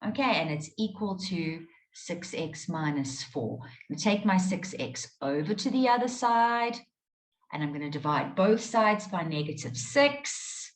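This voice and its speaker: A woman's voice: on the low side, lively intonation, a little slow. A woman teaching a live online maths class, explaining steps patiently and checking in with her students often. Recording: roomy echo.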